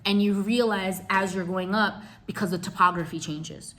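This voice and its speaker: A young woman recounts a trip in a loose, chatty vlog, throwing in slang and asides to her viewers. Her voice is bright and forward, with an everyday pitch. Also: normal speed. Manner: chatty, animated, slangy, addresses viewers as y'all. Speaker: travel vlogger. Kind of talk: casual storytelling vlog.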